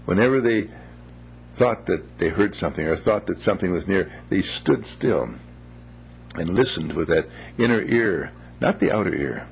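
Low gravelly man telling a folksy story. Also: lively intonation, slight background noise. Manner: gentle, unhurried, moralizing with homely phrases. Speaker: speaker telling a moral story.

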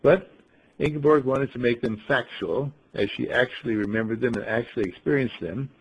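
A man leading a group in a folksy storytelling talk, asking rhetorical questions and often clearing his throat. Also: mid-range voice, brisk, poor audio. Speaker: group leader telling a story.

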